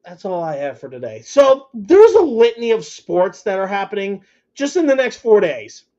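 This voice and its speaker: A solo podcast host who rants and swears freely and keeps getting carried away. The voice sits at a middling pitch and sometimes trips over its own words. The recording sounds dull and lo-fi. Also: moderate pace. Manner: profane, ranty and excitable. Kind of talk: solo podcast rant and sports rundown.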